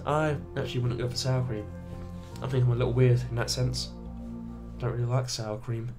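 A man's voice: medium pitch, fairly even intonation, fairly quick. A young man chatting casually as he plays a game and laughs at himself. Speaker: let's play host. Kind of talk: casual gameplay commentary. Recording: game music behind.

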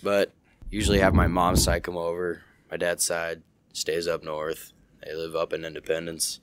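A man's voice: low-pitched, monotone, normal speed, slight background noise. A teenage boy chatting casually as a podcast guest, rambling with lots of "you know". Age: teens. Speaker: guest, wrestler and football player. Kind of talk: casual chat.

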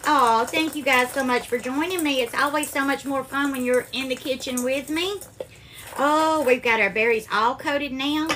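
Southern woman, cooking-stream host, high bright voice, faint hiss behind. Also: normal speed. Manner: affectionate, calls viewers darling and honey. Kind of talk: live cooking stream, greeting viewers. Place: home kitchen.

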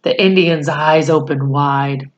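A woman's voice: low voice, steady tone, slow pace, lo-fi sound. A woman reading a children's novel aloud, who corrects small slips and stops to explain words. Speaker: storyteller.

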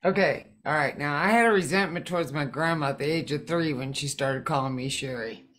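A woman's voice: low voice, fairly quick, fairly bright tone. A woman from Omaha, Nebraska, performing stand-up online and telling wry, self-deprecating stories. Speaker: stand-up comic. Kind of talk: stand-up comedy set. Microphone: video call.

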